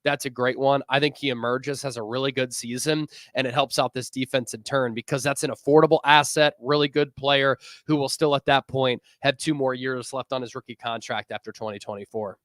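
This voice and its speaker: A man's voice: mid-range voice, fairly even intonation, a little fast, few pauses, a bit bright, no echo, clean studio sound. Easygoing man in casual sports chat. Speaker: guest co-host.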